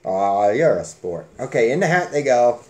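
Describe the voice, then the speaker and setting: A man's voice: medium pitch, sing-song, moderate pace, a little mellow. A man hosting a casual giveaway drawing on his channel, joking and rambling in a folksy way. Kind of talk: casual chat.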